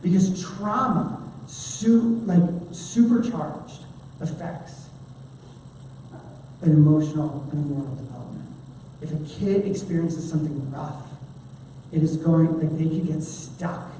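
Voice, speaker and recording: A woman giving an animated conference training talk to children's ministry volunteers, chatty and full of fillers. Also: sits low, slow pace, slight background noise. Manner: chatty, animated, many fillers, acts out quotes. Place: large church hall. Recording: echoey hall from far off.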